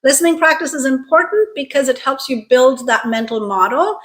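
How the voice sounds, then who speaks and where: A woman teaching a pronunciation lesson, speaking clearly and deliberately to her viewers and drawing out model vowel sounds. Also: high-pitched, expressive. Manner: encouraging, direct address to viewers. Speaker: accent coach.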